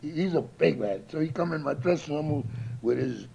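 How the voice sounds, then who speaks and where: Gravelly guy rambling through salty road stories, kinda high voice, tape hiss behind. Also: expressive, normal speed, mellow, dull audio. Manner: rambling, profane, laughing storyteller. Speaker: touring musician. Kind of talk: casual chat.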